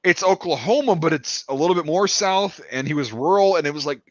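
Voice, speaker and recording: A man's voice: on the high side, expressive, fairly quick, no room sound, highs cut off. A man talking casually about his film production, rambling with many fillers and restarts. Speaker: filmmaker discussing his production. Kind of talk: casual podcast chat.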